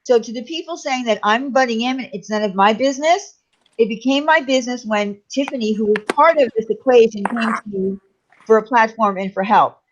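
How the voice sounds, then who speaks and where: A woman's voice: on the high side, brisk. A woman hosting a livestream panel, explaining firmly and steadily at length. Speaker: livestream host. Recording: dull lo-fi stream audio.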